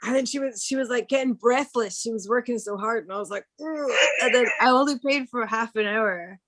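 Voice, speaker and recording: A woman's voice: on the high side, a little fast, a bit bright, no echo. Easygoing woman, dry close sound. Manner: easygoing storyteller, acts out quoted lines. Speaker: podcast host. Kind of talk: casual chat.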